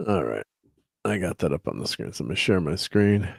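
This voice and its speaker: A man's voice: low-pitched, big pitch swings, fairly quick, vocal fry, breathy edge, no echo, clean studio sound. A man hosting a casual livestream chat, rambling with lots of fillers and chuckles while he fiddles with his slides. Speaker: host.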